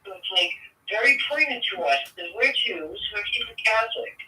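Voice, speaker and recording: Rambling woman guest, very bright voice, distant echoey mic. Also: medium pitch, animated, brisk. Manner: rambling, storytelling. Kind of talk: casual chat. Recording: echoey room, distant mic, faint noise.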